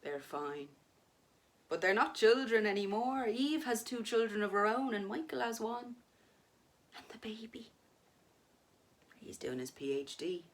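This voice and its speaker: A woman voicing a dead husband who speaks calmly and patiently to his frightened wife. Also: a little high, measured pace, long pauses. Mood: soothing. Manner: soothing, patient. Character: calm ghostly husband, gentle and soothing. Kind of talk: dramatic story reading.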